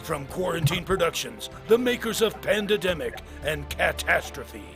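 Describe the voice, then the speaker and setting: A man voicing a dramatic male movie-trailer announcer in a slow, weighty delivery. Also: fairly high pitch, sing-song. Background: music.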